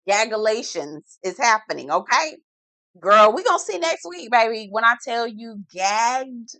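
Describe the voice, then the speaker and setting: Bright, sassy woman recapping gossip. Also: fairly high pitch, no room sound. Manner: sassy, dramatic, full of slang asides. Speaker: reality TV recap vlogger. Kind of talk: casual gossipy episode recap.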